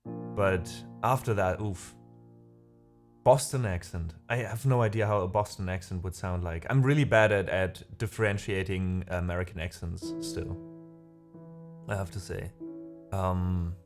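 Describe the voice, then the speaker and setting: A man's voice: sits low, fairly even intonation, measured pace. A man whose first language is not English, hosting a music livestream and chatting casually with viewers, rambling and laughing at himself. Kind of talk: casual chat reading viewer comments.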